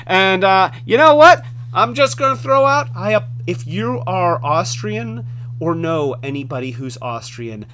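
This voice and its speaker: A man's voice: sits high, a bit bright. A man hosting a casual hands-on toy review, enthusiastic and rambling. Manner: enthusiastic, rambling with fillers and restarts.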